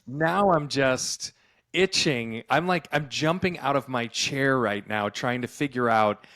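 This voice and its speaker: A man's voice: mid-range voice, a little slow, fairly bright tone, no echo, studio quality. A man hosting a podcast, reacting with enthusiastic, playful remarks to his guest. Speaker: podcast host. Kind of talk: casual interview chat.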